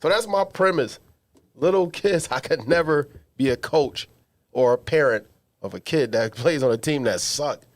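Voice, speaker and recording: A man's voice: fairly high pitch, normal speed. A man co-hosting a podcast, telling comic stories in slangy, emphatic casual chat from a small studio. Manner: animated storyteller, slangy and emphatic. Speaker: podcast co-host.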